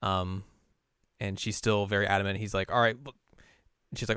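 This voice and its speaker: A man's voice: on the low side, flat delivery, moderate pace, long pauses, fairly bright tone, clean tone, no room sound, clean studio sound. A male podcast co-host casually recapping a game's plot, scattered with "like" and restarts. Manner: rambling recap full of "like" fillers. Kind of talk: casual chat recapping a video game story.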